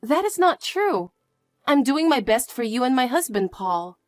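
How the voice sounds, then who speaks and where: A woman's voice: high-pitched, very animated, unhurried, no echo, studio quality, soft background music. A woman voicing a meek, polite young daughter-in-law. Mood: pleading. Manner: polite, soft and apologetic. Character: polite, patient young wife, a put-upon daughter-in-law. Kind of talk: dramatized story dialogue.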